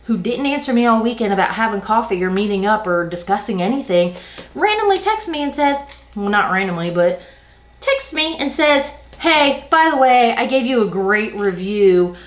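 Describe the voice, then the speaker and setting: A woman's voice: mid-range voice, moderate pace, roomy sound. A woman venting an exasperated work story in a casual storytime while doing her makeup. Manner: ranting, exasperated, animated retelling. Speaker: beauty vlogger.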